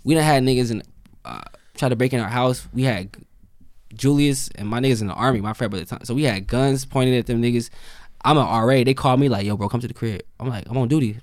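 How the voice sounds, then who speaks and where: Young man telling a story with animated quotes. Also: medium pitch, fast talker, no echo, clean studio sound. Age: young adult. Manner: animated storyteller who acts out quoted lines. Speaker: podcast guest. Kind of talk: casual storytelling chat.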